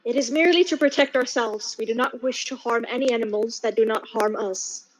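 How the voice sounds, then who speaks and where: A courteous young traveler speaks in careful, hesitant sentences, played by a woman at a game table. The voice sits high and stays gentle. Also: fairly quick, natural voice, low-quality recording. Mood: polite. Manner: polite and hesitant. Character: polite, timid young male traveler.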